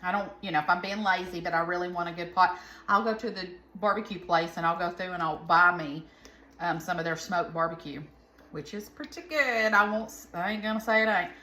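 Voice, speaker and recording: In this casual cooking vlog, a woman with a Southern American accent chats with viewers while making food at home, wandering off into folksy asides. She has a fairly low, sharp-toned voice and talks a little fast, with reverberation in the room.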